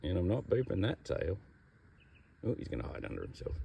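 Laid-back Australian man with a gravelly voice. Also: deep voice, wildly swooping pitch, fairly quick, dark tone, lo-fi sound. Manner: laid-back, chatty, teasing the snake. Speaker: snake catcher. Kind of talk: casual outdoor vlog narration. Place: outdoors among bushes.

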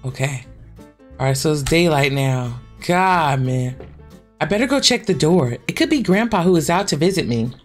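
A lower-pitched woman giving casual commentary on a horror game. Her pitch leaps around as she reacts. She is excitable and swears freely, with faint game music playing underneath. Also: moderate pace. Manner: excitable, swears a lot, talks to viewers as "y'all". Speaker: gaming channel host.

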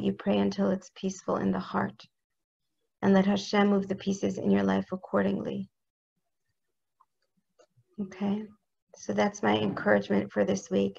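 Earnest woman with a gravelly voice. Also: medium pitch, a little mellow, muffled recording. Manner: intimate, earnest, speaks prayers aloud. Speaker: religious teacher. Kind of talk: heartfelt spiritual talk.

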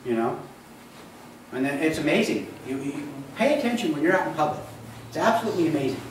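A man's voice: fairly high pitch, sing-song, fast, slight background noise. Conversational male pastor in echoey church. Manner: conversational, asks the congregation questions. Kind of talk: sermon. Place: church sanctuary. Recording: echoey church hall, mic from a distance.

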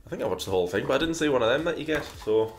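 A man's voice: mid-range voice, lively intonation, rapid-fire, faint music behind. A man hosting a casual question session, reading out viewer questions and mulling over each answer while often repeating himself. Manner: reads questions aloud, muses, repeats himself. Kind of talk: casual chat.

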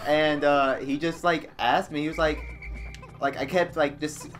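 A man's voice: fairly high pitch, steady tone, a little slow, fairly bright tone, faint music behind. A young man co-hosting a let's play, telling crude jokes and stories in casual chat while gaming. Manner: crude joking storyteller.

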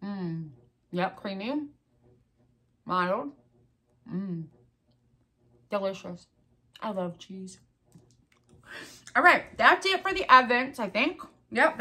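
A woman's voice: mid-range voice, bright, forceful tone. A middle-aged woman vlogging in a casual chat to the camera, chatty and exclaiming over her crafts. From Ohio, US.

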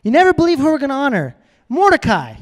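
Brief: commanding, excited king, put on by a preacher. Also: a little high, a little fast, long reverb tail, close to an everyday voice. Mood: eager. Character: enthusiastic ancient king, man.

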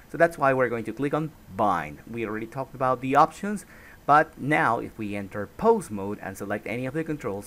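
A man with a mid-range voice narrates a screen-recorded software tutorial, explaining patiently and often checking in with the listener.

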